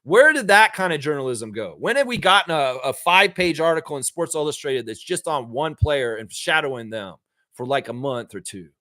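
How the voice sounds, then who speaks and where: A fired-up man hosting a live basketball show, ranting and cursing as he goes. His fairly high voice swings wildly up and down, and the sound is dry and close. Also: brisk, no echo. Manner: animated and swearing, jumping up high for emphasis; mocks people with put-on quoted voices. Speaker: sports show host. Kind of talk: profane ranting commentary.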